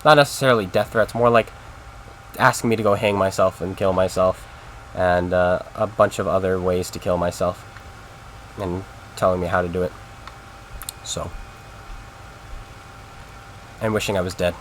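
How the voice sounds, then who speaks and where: A man's voice: low voice, fairly even intonation, moderate pace, long pauses, a little hiss or hum. Rambling man streaming a game. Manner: rambling, chatty, talks straight to his chat. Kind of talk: casual live-stream commentary.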